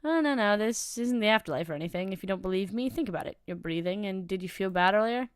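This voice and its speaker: A woman voicing a kind, motherly young woman in a game, gentle and reassuring. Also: mid-range voice, animated, quick pace, dry recording, clean studio sound, close to an everyday voice.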